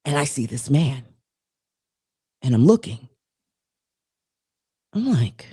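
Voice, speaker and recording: A woman's voice: very deep voice, slow pace, pauses often, slightly rough, no room sound, clean studio sound. A woman co-hosting a casual talk show, telling a long, rambling story full of restarts and asides. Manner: animated, rambling, restarts stories. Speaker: co-host.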